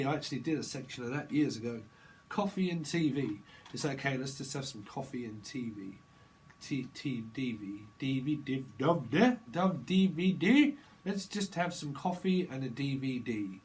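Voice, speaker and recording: A man's voice: mid-range voice, animated, moderate pace, a little mellow, a little hiss or hum. A man doing a casual tarot reading, rambling in playful free association and repeating words in sing-song runs. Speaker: tarot reader.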